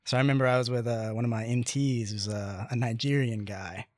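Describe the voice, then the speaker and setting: A young man in his twenties hosting a casual chat, telling a story with lots of fillers and animated pacing. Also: medium pitch, fairly quick, no room sound, clean studio sound.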